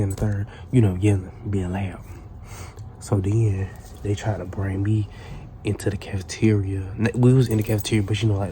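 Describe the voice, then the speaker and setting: A man's voice: fairly low pitch, background noise. A man telling a casual storytime tale in a profane, rambling way, full of restarts.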